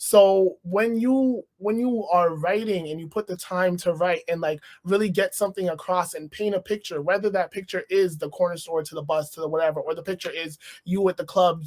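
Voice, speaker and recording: A man from Canada, a rapper, talking about his music in a casual interview, thoughtful and animated. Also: sits high, brisk, hardly any pauses. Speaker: rapper guest.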